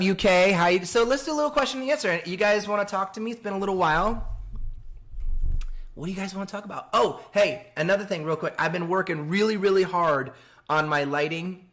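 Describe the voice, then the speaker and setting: A man's voice: fairly high pitch, a bit bright. A man chatting casually on a live stream from home, rambling, laughing often and reading out viewer messages.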